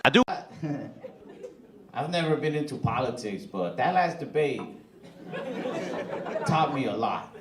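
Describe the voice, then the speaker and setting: A young man performing a stand-up comedy set, telling stories in a deadpan way. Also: mid-range voice, slow, long pauses. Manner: deadpan storytelling punctuated by crowd laughter. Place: comedy stage. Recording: loud audience noise behind the voice.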